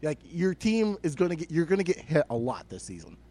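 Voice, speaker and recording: A young man with a slightly high voice rants about sports on a casual comedy podcast. He swears freely and leans on filler words. His delivery stays animated and chatty. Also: brisk. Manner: animated ranting, swears a lot, many fillers. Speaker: podcast co-host.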